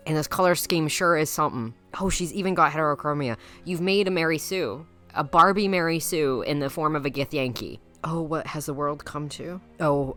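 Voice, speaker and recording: A woman with a low voice runs a teasing, mock-dramatic commentary, laughing often as she passes judgment. She speaks into a home mic with faint music underneath. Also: fairly bright tone. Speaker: YouTuber judging viewers' game characters. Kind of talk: playful commentary.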